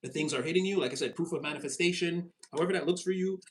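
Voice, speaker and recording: A man giving a casual, animated tarot reading, with a slangy spiritual pep-talk manner that jumps up in pitch when he gets excited. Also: very fast, a little hiss or hum, rough recording. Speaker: tarot reader.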